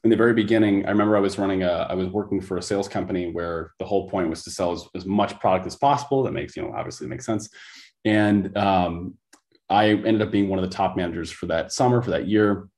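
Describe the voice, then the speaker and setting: Talking quickly in a low, darkish voice, a man who is a coach tells stories as a podcast guest in a conversational interview. His storytelling is intense, and he repeats phrases to drive points home.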